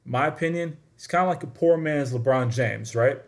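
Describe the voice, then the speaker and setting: A man's voice: mid-range voice, moderate pace. A man giving a casual sports commentary all on his own, with a mid-range voice. He talks straight to his audience, chatty and emphatic, pressing his points home. It sounds like an informal sports talk show. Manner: chatty, addresses listeners directly, emphatic. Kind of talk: solo sports talk monologue.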